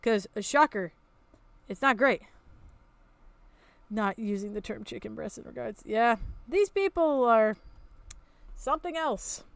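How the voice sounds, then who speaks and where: A woman's voice: a little high, expressive, a little slow, gravelly, pauses often, dry recording. A woman hosting a reaction commentary, ranting in a sarcastic, exasperated way and swearing freely. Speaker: commentary channel host.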